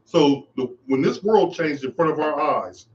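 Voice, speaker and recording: A man's voice: on the high side, expressive, unhurried, lo-fi sound. A man hosting his own podcast, giving an impassioned, preachy monologue and repeating his phrases for emphasis. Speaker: podcast host. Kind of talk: monologue commentary.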